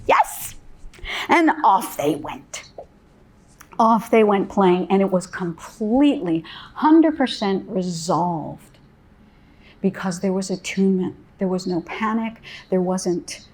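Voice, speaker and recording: A woman parent educator telling a story to parents in a gentle, soothing way, with soft pauses. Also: medium pitch, animated.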